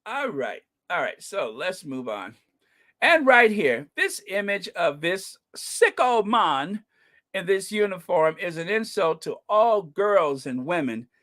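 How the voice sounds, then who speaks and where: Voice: mid-range voice, big pitch swings, slow pace, fairly bright tone. A channel host giving casual, scornful commentary, reading comments and news items aloud and often breaking into laughter.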